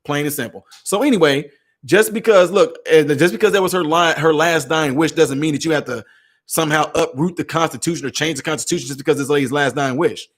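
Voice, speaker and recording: A man vlogging a casual commentary rant, animated and sarcastic, with frequent stammered restarts. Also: a little high, fairly quick.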